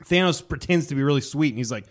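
A man co-hosting a casual podcast chat, excitedly retelling a story and acting out characters and sound effects. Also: mid-range voice, fast talker. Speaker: podcast co-host.

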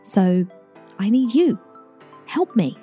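Chatty young mum podcaster. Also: female voice, a little high, very animated, slow, warm tone, slightly rough, in a large hall, faint music behind. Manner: chatty, confiding, calls listeners darlings. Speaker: podcast host. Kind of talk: casual solo podcast chat.

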